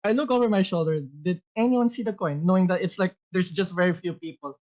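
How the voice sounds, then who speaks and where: A player in a tabletop role-playing session who talks in a halting, self-correcting way while describing their character's actions. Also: medium pitch, darkish tone.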